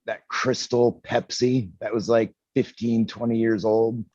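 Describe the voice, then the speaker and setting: A man's voice: mid-range voice, level tone, measured pace, darkish tone, no echo, dull audio. A man in a casual podcast chat, laid-back and teasing. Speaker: podcast panelist.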